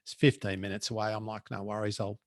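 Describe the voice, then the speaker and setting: A man's voice: lowish voice, flat delivery, quick pace, no room sound, studio quality. A man with an Australian accent, a professional speaker telling a story as a guest in a casual chat, blunt and colloquial.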